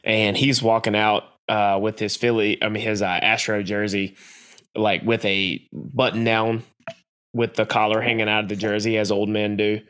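A man hosting a podcast who tells stories with energy and laughs often. His voice sits on the low side, and his talk is relaxed and chatty. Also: normal speed, clear, resonant tone. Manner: laughs often, animated storytelling. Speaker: podcast host. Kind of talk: casual chat.

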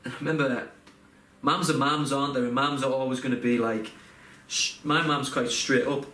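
His mid-range voice is steady and sharp, moving at normal speed. The young man shares a personal story in casual podcast chat, rambling and heartfelt with frequent fillers and restarts, against a roomy echo and faint background noise.

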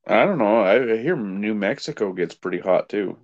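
A man with a fairly low voice co-hosts a laid-back podcast chat. He talks bluntly and swears freely, often trailing off with "I don't know." The sound is a little dull and lo-fi, close and dry. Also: lively intonation, normal speed, dry recording. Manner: blunt and profane, with a lot of hedging. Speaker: podcast co-host. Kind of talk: casual chat.

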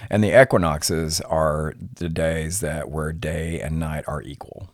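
A middle-aged man, a podcast guest, explaining things in an unhurried, lecturing way with many filler words. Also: extremely low pitch, fairly even intonation, dry recording, studio quality. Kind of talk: conversational explaining.

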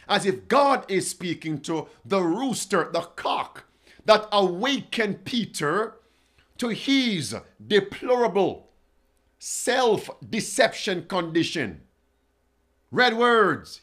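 Male preacher, livestream sermon; animated, swooping pitch, pleading calls to his viewers. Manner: slow, dramatic preaching, pleading appeals; reads quotes aloud and addresses chat viewers.

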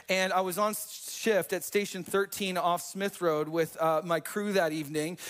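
Male pastor, high voice, energetic sermon, conversational storytelling. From US Pacific Northwest. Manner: energetic, conversational, jokey asides to the congregation.

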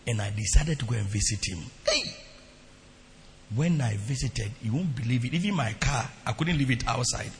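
A man preaching a sermon as a pastor, telling stories to his congregation with lively, exclamation-filled delivery in a church hall. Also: medium pitch, moderate pace, slight background noise. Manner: animated storytelling preaching with repeated exclamations. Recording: long reverb of a large hall.

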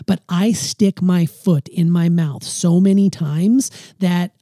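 A man's voice: high-pitched, steady tone, slow, warm tone, no room sound, clean studio sound. A middle-aged man in a casual family chat, earnestly giving a grown child reflective advice.

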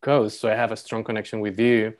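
A man's voice: on the low side, flat delivery, brisk. A man from Panama co-hosting a podcast, speaking appreciatively and reflectively with his guest. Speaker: podcast co-host. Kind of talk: warm interview conversation.

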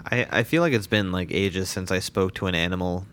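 A man's voice: sits low, a little fast, fairly bright tone, slight background noise. A young man co-hosting a casual podcast chat, rambling with lots of fillers and restarts. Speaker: podcast co-host.

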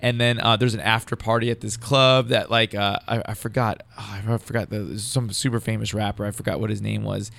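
Gravelly, fast-talking rambling guy. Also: on the low side, little pitch movement, fairly bright tone. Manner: rambling, profane, says dude a lot. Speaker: podcast guest, stand-up comedian. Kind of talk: casual storytelling chat.

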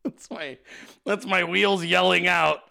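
A man hosting a podcast, talking in casual, excitable commentary, swearing often and laughing a lot. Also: high voice, slow, vocal fry. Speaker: podcast host.

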